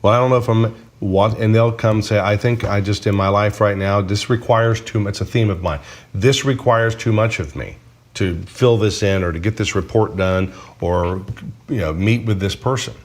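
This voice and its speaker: A middle-aged man with a fairly low voice, teaching as a counselor in a relaxed faith conversation. He talks in a loose, animated way and slips into quick acted-out dialogues. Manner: animated, acts out little dialogues. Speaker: counselor co-host.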